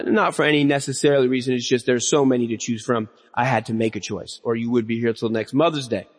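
A pastor with a husky, mid-range male voice preaches a sermon, earnest at first and building toward emphatic, raised lines. The hall adds a long reverb.

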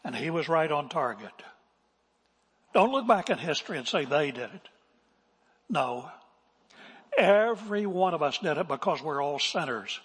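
Male pastor, emphatic sermon, slightly high husky voice, slow, hall reverb. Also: fairly bright tone. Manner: earnest, emphatic, acts out quotes. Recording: long reverb of a large hall.

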